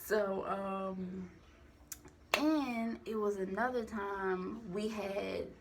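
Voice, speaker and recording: A woman's voice: medium pitch, drawn-out words, background noise. A young woman telling a personal story into a phone camera, rambling and candid with lots of profanity and slang. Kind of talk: casual storytime monologue.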